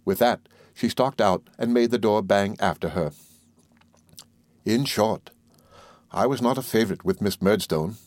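A man with a voice on the low side narrates a classic novel for an audiobook, keeping his storytelling measured and even. The scripted reading has no echo.

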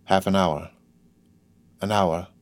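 A man's voice: low voice, steady tone, slow, no echo. Man reading a novel aloud. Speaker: audiobook reader. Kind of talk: scripted narration of a classic novel.

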